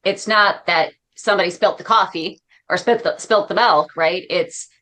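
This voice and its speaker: A woman's voice: on the low side, moderate pace, pushed and bright. A woman hosting an interview, responding to her guest in an affirming, reflective way. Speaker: podcast host. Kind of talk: interview conversation.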